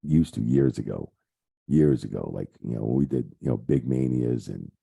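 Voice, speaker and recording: Gravelly, very deep-voiced middle-aged man. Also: moderate pace, mellow. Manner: rambling, profane, lots of fillers. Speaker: guest, retired wrestling referee. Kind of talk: casual interview storytelling.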